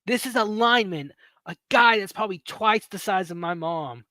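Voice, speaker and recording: A podcast host in his thirties with a bright, forward voice that sits a little high for a man. He tells his story casually and animatedly, with loose swearing and easy laughter. The sound is close and dry. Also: moderate pace, no room sound. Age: 30s.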